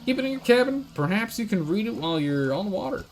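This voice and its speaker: Lonely, chatty dock worker in a video game, played by a man, high and lively. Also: quick pace, faint music behind. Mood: friendly.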